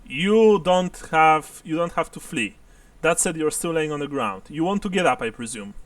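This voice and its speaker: A man's voice: on the high side, animated, moderate pace, no room sound, recorded from a distance. A man narrating and explaining rules as game master of a tabletop game, laughing often.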